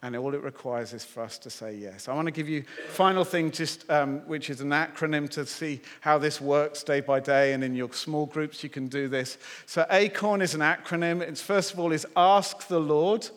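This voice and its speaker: A male preacher telling a personal story in a sermon, animated and acting out his own thoughts. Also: fairly high pitch, moderate pace, few pauses. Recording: long hall reverb.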